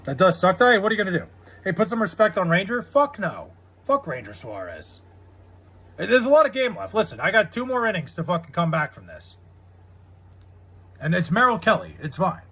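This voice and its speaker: A man's voice: high voice, sing-song, fairly quick, fairly bright tone, husky. A man live streaming, chatting casually, reading chat aloud and swearing in frustration over a baseball game. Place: home room with TV.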